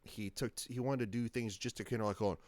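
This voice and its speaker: A man's voice: mid-range voice, steady tone, quick pace, darkish tone, no room sound. A man hosting his own reaction channel, talking in a casual, rambling way with many fillers and restarts. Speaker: channel host.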